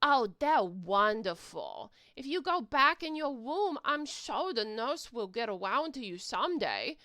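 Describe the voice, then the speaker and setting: Woman doing a grumpy slimy lil creature, high bouncy voice, goes shrill. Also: big pitch swings, measured pace, bright, forceful tone, no room sound, studio quality, exaggerated voice. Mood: grumbling.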